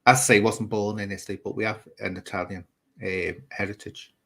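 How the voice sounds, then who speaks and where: A man's voice: fairly low pitch, little pitch movement, fairly quick, vocal fry, a bit bright. A man hosting his own channel, rambling in gossipy livestream commentary, talking straight to viewers with many asides and restarts. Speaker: YouTube channel host.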